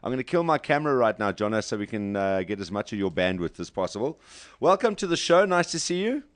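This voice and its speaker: A man's voice: on the low side, sing-song, fast talker, no room sound. A man hosting a radio show, joking and teasing his guest over a video call. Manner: joking, teasing, laughs often.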